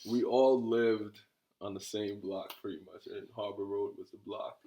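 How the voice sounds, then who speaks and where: A man's voice: on the low side, fairly even intonation, moderate pace, warm tone, slight background noise. A man co-hosting a couple's podcast, chatting casually and teasing his partner. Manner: teasing, backs her up with short "mm-hmm"s. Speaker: podcast co-host. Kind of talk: casual chat.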